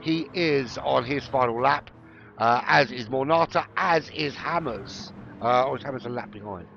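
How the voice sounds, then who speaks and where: A man's voice: medium pitch, moderate pace, vocal fry, lo-fi sound, slight background noise. A middle-aged man from London with a London accent, casually commentating on a sim race, chatty and prone to joking digressions. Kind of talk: rambling solo race commentary.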